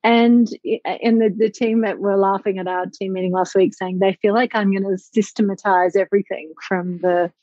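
A woman's voice: medium pitch, fairly even intonation, moderate pace, hardly any pauses, warm tone, no room sound. A woman, a business owner talking reflectively and with enthusiasm in a conversational interview, with many fillers. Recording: slightly dull lo-fi audio.

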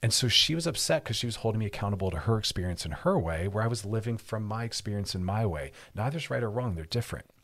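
Husky-voiced male radio advice host. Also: on the low side, animated, fast talker, few pauses, fairly bright tone. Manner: reflective, explains through personal stories. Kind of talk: conversational relationship advice.

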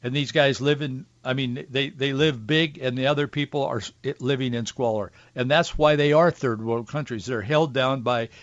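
A man's voice: medium pitch, normal speed, hardly any pauses, no echo. Guy hosting a talk show, opinionated monologue, dry dull sound. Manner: opinionated, with wry asides and restarts. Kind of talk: political commentary monologue.

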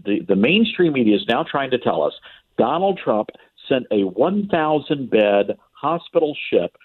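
A man from the American South calls into a radio show, spinning sarcastic stories with an animated, swinging delivery. His voice comes through a narrow, tinny phone line. There is a slight huskiness to it. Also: mid-range voice, breathy edge. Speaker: radio commentator guest. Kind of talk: talk radio phone interview.

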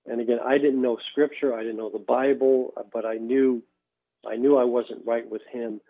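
A man, a radio show guest, telling a personal faith testimony in a halting way, often repeating words as he restarts. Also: medium pitch, fairly even intonation. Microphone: phone. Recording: tinny phone line.

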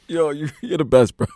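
A man's voice: fairly high pitch, warm tone, breathy edge, dry recording. A man co-hosting a studio radio show, teasing his partner and saying bro a lot. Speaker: radio co-host. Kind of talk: studio banter.

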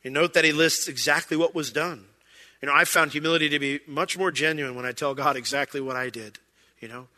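Bright-voiced male pastor preaching. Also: fairly high pitch, steady tone, brisk, in a large hall. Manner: conversational, acts out quoted voices. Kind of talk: sermon.

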